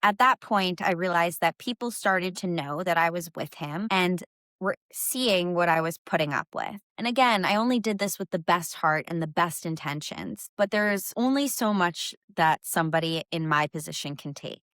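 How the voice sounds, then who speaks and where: A woman's voice: lowish voice, moderate pace, a bit bright, dry recording, studio quality. A young adult woman hosting a podcast, telling a personal story in a candid, conversational way with casual fillers. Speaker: podcast host.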